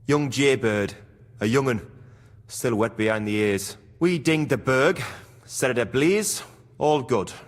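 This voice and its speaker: An actor playing a gruff, grieving middle-aged mine foreman in a video game, speaking. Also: mid-range voice, animated, a little slow, big-room sound, close to an everyday voice. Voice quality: broad dialect, earthy and blunt.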